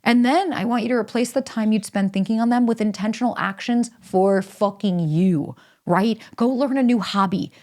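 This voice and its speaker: A woman talks straight to her listeners in a solo podcast, emphatic and animated. She is casual and blunt, with plenty of swearing. Her voice sits at an ordinary middle pitch. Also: moderate pace. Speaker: podcast host. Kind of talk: solo podcast monologue with ad read.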